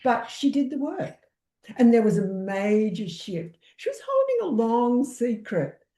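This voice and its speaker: A woman from Australia with a mellow, warm tone, telling stories in a lively way and acting out each quote. Her voice rings out in an echoey room. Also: on the high side, measured pace. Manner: animated storyteller who acts out quotes. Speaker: energy healer, guest. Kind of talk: casual conversation.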